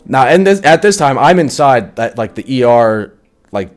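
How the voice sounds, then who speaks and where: A young man recounting a personal story to the camera in loose, everyday speech. He swears freely and peppers every sentence with likes. His voice sits at an ordinary pitch, with faint music under it. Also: big pitch swings, moderate pace. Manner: casual, profane, full of likes. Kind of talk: storytime vlog.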